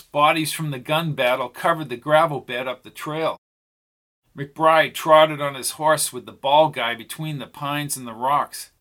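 A man narrating an audiobook in a steady, even storytelling voice. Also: mid-range voice.

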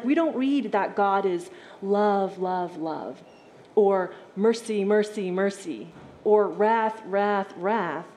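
A woman's voice: a little high, darkish tone. A woman preacher giving a sermon in a conversational, explanatory manner.

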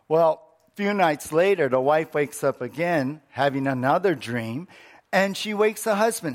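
A man preaching a sermon as pastor, earnest and measured, repeating key points. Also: on the high side.

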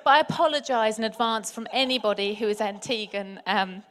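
A woman from England telling a personal story in a chatty, animated way, often turning to address her listeners directly. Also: a little high, brisk. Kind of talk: anecdotal storytelling.

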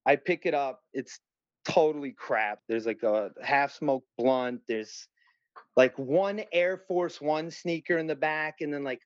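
A middle-aged man, telling a story in an animated, profane way and acting out other voices. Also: on the high side, a little slow, dry recording, dull audio. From Long Island, New York. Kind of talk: casual storytelling.

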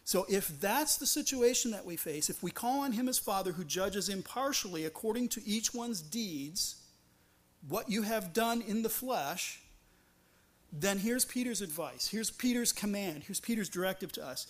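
A man's voice: high-pitched, lively intonation, moderate pace. A man pastor preaching a sermon, earnest and conversational, often restarting phrases and asking rhetorical questions.

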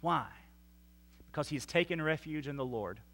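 A man, a pastor, preaching a sermon with emphatic rises and slow, stressed quoted lines. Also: a little high, lively intonation, fairly bright tone. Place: church sanctuary.

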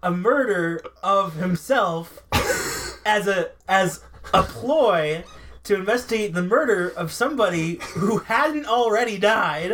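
An incredulous player laughs and swears through a tabletop session, pressing for answers. The voice is mid-pitched, with faint noise in the background. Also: expressive, slow pace, fairly bright tone. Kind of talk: casual tabletop game chat.

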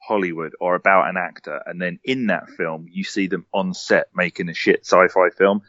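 Lowish co-host, exasperated ranter, dry and dull-sounding. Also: male voice, steady tone, moderate pace, a bit bright, no room sound. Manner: exasperated, sweary ranting. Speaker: podcast co-host. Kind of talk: casual film review chat.

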